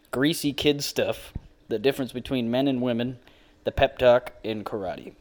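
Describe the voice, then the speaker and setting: A man's voice: medium pitch, moderate pace. A young man co-hosting a podcast in casual banter, reading old record sleeves aloud in a mock-grand tone. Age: young adult. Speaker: podcast co-host.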